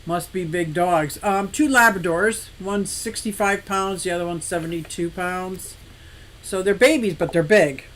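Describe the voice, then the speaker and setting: A woman's voice: fairly low pitch, measured pace. A woman in her sixties hosting a casual live stream for her fish shop, greeting viewers by name, reading comments and telling rambling stories with frequent laughs. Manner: chatty and animated, laughs often, rambling anecdotes. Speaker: livestream host of an aquarium and fish shop.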